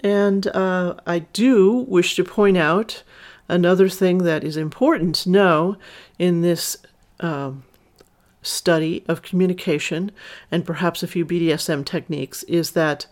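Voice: medium pitch, steady tone, unhurried. A storyteller narrating a first-person story and adding chatty, casual asides. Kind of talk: erotic story narration with commentary.

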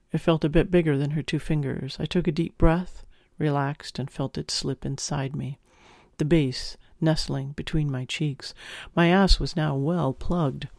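Male audiobook narrator, first person, intimate and expressive, gravelly edge, dead-dry close mic. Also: a little high, no room sound.

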